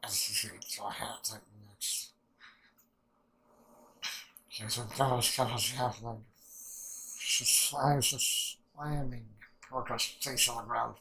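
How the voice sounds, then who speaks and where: A man hosting an anime reaction, recapping an episode in a rambling, excitable way and swearing often. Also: mid-range voice, takes it slowly, gravelly, long pauses, poor audio.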